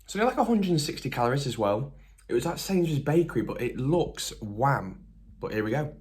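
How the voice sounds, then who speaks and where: A young man talks straight to his viewers in a relaxed food vlog. He sounds eager and chatty, often breaking into excited exclamations. His pitch sits in an ordinary middle range. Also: a little fast. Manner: enthusiastic and chatty, lots of exclamations. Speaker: vlogger.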